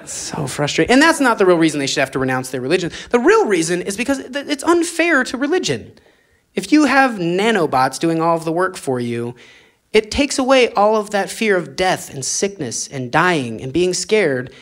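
A man's voice: sits high, very animated, moderate pace, a bit bright. A man doing a stand-up comedy set, rambling through absurd ideas and chuckling at his own jokes.

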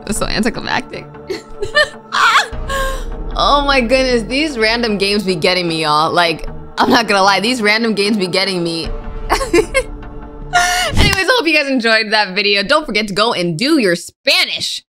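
A young woman giving casual, excitable commentary as she plays a game, full of exclamations and slang. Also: mid-range voice, normal speed, faint music behind. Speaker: gaming YouTuber. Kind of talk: casual let's-play commentary.

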